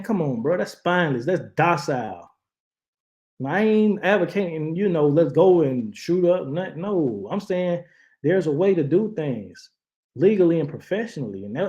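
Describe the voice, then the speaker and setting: A man hosts a casual commentary stream. His voice sits a little high, and he talks in an impassioned, preaching way, often stumbling and restarting mid-sentence. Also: darkish tone, reverberant, highs cut off. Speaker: channel host reacting to news.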